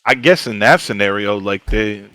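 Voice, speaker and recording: A man's voice: lowish voice, animated, normal speed, bright, forceful tone, dry recording, rough recording. A young man co-hosting a podcast in casual chat, reacting bluntly with slang. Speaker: podcast co-host.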